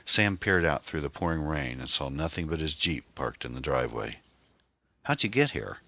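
Very deep-voiced male audiobook narrator. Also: a little fast, pushed and bright, dry recording.

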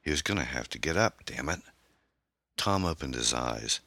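A man reading his own novel aloud as an audiobook, in an unhurried, measured way. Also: a bass voice, animated, sharp tone, dry recording. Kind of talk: scripted audiobook narration.

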